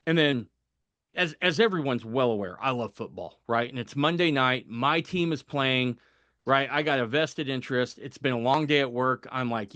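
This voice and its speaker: Man, casual storyteller, mid-pitched voice, dry close sound, acts out quoted voices. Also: moderate pace, dry recording. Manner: animated anecdote-telling, acting out quoted voices, laughing at himself. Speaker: podcast guest telling a personal story.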